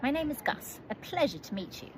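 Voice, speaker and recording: A woman's voice: high-pitched, sing-song, a little fast, background noise, voice pushed up. A woman voicing a fussy, polite male talking chicken-bird in a storybook reading, formal and courteous with clucks.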